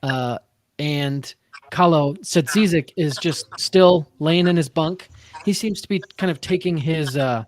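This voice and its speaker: A man's voice: fairly high pitch, unhurried. A man running a tabletop game as game master, talking with many hesitant fillers over a video call.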